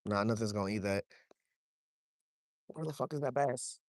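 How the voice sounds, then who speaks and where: A young man, talking to his chat while wading and fishing, swearing freely and getting excited over a fish. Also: fairly low pitch, normal speed, no echo, clean studio sound. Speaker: fishing vlogger. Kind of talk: casual vlog narration while wading. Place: outdoors, wading in a shallow creek.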